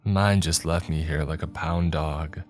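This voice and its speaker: Brief: male narrator as a sick teenage boy, low, theatrical. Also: fairly even intonation, a little slow, soft background music. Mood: bitter. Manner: theatrical, then cold. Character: frail sick teenage boy, joking then bitter.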